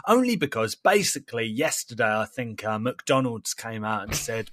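A man's voice: mid-range voice, moderate pace, few pauses, dry recording. A man co-hosting a podcast, telling anecdotes with lots of laughter. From England. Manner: laughing storyteller, animated impressions. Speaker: podcast co-host. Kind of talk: casual chat.

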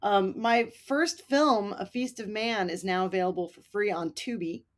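A woman's voice: mid-range voice, moderate pace. Wry joking woman guest. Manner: wry, joking, rambling plugs. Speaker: podcast guest, filmmaker. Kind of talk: casual comedic chat.

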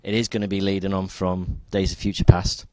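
A man's voice: sits low, a little fast, dry recording. A man co-hosting a podcast, chatting casually and rambling with frequent ums. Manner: relaxed, rambling with many ums. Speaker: podcast co-host. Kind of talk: casual chat.

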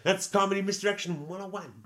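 A man hosting a casual podcast chat, reacting with animated jokes and retelling bits. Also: sits high, fast.

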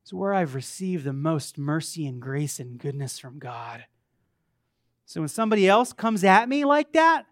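A man's voice: sits high, fairly bright tone, dry recording, clean studio sound. A man preaching a sermon to his church, emphatic and calling out to the congregation. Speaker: pastor. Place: church sanctuary.

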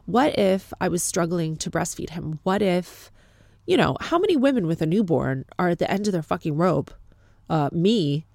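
A woman's voice: low voice, creaky, a little mellow, dry recording. A woman with a Canadian accent tells a story in a casual, exasperated and sarcastic way, swearing freely.

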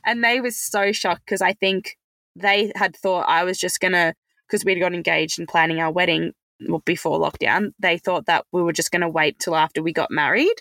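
A woman's voice: on the low side, fairly even intonation, moderate pace, vocal fry, fairly bright tone, no room sound. A woman telling a personal story as a podcast guest, chatty and casual, with many fillers.

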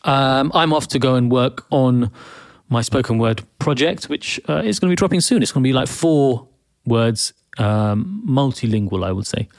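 A man's voice: medium pitch, lively intonation, normal speed, vocal fry, no room sound, clean studio sound. A man hosting his own podcast, talking in a rambling, chatty monologue full of restarts and self-corrections. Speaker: podcast host. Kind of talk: casual solo monologue.

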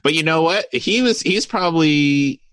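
A man co-hosting a podcast, chatting in a lively, agreeable way. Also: fairly high pitch, normal speed, clean tone, no room sound, studio quality. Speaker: podcast co-host. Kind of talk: casual chat.

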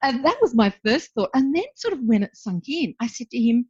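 A woman's voice: fairly high pitch, a little fast, slightly rough, dry recording. A woman guest, a brand founder, telling her story with animation, acting out what people said, with frequent ums. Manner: lively, acts out quoted voices, frequent ums. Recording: dull lo-fi dry sound.

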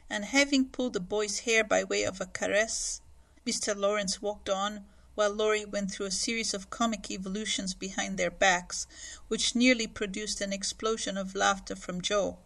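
A woman narrates a classic novel aloud in steady, clear storytelling. Her voice sits at a middling pitch with a gravelly edge. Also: normal speed. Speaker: audiobook reader. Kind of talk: scripted narration.

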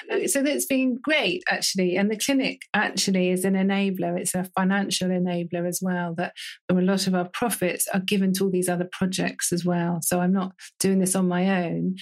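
A British woman in her forties, a doctor giving an interview, telling her story in a lively way and often laughing. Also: fairly low pitch. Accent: British English. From United Kingdom. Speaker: interview guest, GP and menopause specialist. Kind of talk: casual interview conversation.

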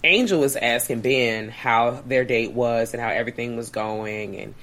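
A woman co-hosting a podcast, animatedly recapping a film plot in casual chat. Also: normal speed. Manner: animated recapping, swoops into high put-on voices and hums. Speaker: podcast co-host.

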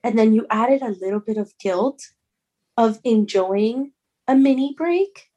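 A young woman who is a mother, telling a personal story in an earnest, halting way, often restarting words. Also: fairly high pitch, warm tone, muffled recording. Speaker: guest.

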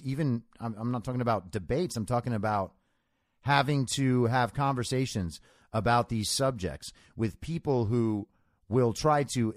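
A man's voice: medium pitch, no echo, clean studio sound. A man hosting a show, delivering a solo commentary monologue in a conversational, emphatic way and telling stories to make his points. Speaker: show host.

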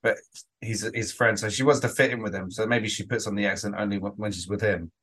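A man's voice: fairly low pitch, steady tone, fast, fairly bright tone, breathy edge. A man co-hosting a casual podcast chat, rambling with frequent restarts and some swearing. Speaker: podcast co-host.

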